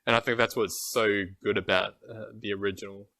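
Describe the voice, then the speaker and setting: A man on a podcast giving his opinions on a film in a measured way, with hesitant fillers. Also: on the low side, level tone, bright, forceful tone, no echo. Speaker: podcast co-host. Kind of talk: casual film review chat.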